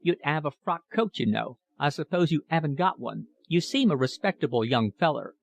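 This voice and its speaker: A man's voice: lively intonation, normal speed, gravelly, no echo. Man putting on a pompous Cockney shop manager. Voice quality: high metallic voice. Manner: pompous, talkative, brusque.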